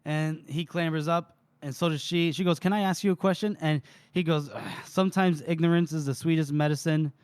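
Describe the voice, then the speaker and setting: A man co-hosting a book podcast, retelling scenes and quoting lines with frequent laughter. His voice sits a little high and sounds dry and close to the mic. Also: steady tone, brisk, few pauses, darkish tone, clean tone, no room sound. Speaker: podcast co-host recapping chapters. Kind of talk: casual book recap chat.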